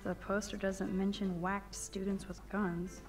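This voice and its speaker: A woman's voice: medium pitch, little pitch movement, unhurried, over music, lightly acted. An actress voicing a wry, reflective young female student in a video game.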